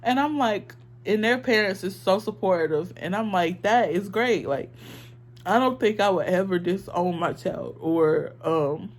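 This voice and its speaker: A woman's voice: medium pitch, measured pace. Young woman vlogger, casual earnest opinion talk, emotional, filler-heavy.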